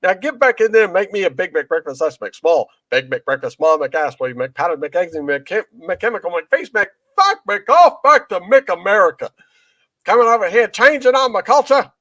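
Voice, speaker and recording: A man putting on an Australian accent to impersonate a crude, ranting male stand-up comic, loud and profane. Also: high-pitched, big pitch swings, normal speed, no echo, clean studio sound, voice pushed up, exaggerated voice.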